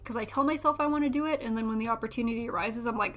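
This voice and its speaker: Chatty young woman, slightly high voice. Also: rapid-fire, a bit bright. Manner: chatty and self-deprecating, laughs often. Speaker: streamer. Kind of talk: casual chat while building a model kit.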